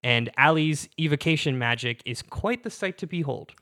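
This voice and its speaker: A man's voice: on the high side, expressive, moderate pace, bright, forceful tone. A man voicing a proud, formal male academy leader called the Exarch in a tabletop game.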